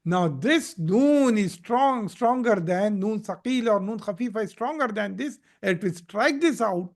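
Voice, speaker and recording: A man's voice: high-pitched, lively intonation, unhurried. A man teaching Arabic grammar in a live recorded lesson, patiently explaining and repeating verb forms, sometimes stumbling over them.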